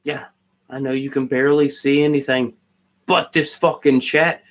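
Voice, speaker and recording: A man's voice: medium pitch, fairly even intonation, normal speed. A man rambling and swearing while chatting with viewers on a livestream. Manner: rambling, profane, ranting at chat. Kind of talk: casual livestream chat.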